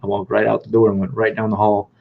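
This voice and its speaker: A man's voice: fairly low pitch, monotone, fast, vocal fry. A man casually telling his own life story in a rambling way, acting out the dialogue he remembers. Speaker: vlogger. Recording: dull lo-fi recording.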